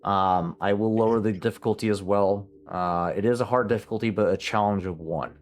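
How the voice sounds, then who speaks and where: Low-voiced game master narrating, halting. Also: male voice. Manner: halting, many fillers and restarts while describing scenes.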